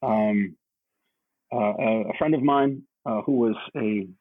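A male podcast co-host chatting in a halting, earnest way, often repeating words as he gets emotional. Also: fairly low pitch, no echo. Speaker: podcast co-host, Navy chief. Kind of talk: casual chat. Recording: husky voice over a tinny phone-like line.

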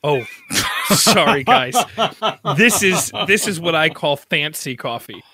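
A man improvising a comedy sketch as a homeowner, stammering and caught off guard. His voice sits a little high and sounds bright and forward. The recording is dry and close. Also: lively intonation, slow pace, husky, no echo. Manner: flustered, stammering.

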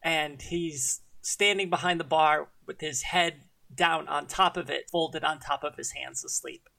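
A man narrating a tabletop game as game master, in a relaxed, descriptive way. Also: on the high side, unhurried, creaky.

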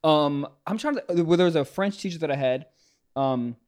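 A man's voice: a little high, moderate pace, a little mellow. A young man co-hosting a casual podcast, laid-back, laughing often and calling people dude. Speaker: podcast co-host. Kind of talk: casual chat.

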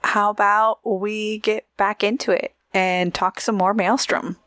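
A woman co-hosting a podcast in casual chat, giggly and chatty, reading out shout-outs and promos. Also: mid-range voice, little pitch movement, a little slow, dry recording, studio quality. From Oregon, USA. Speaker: podcast co-host.

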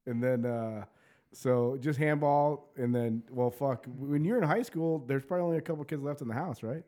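A man's voice: mid-range voice, normal speed, dark tone. A man hosting a casual conversation, blunt and swearing often. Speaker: host.

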